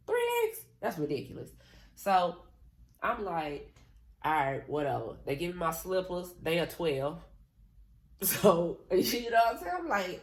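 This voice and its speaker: Lively low-voiced woman telling a story. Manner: animated, slangy, talks straight to the audience. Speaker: vlogger. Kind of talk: casual storytelling to viewers.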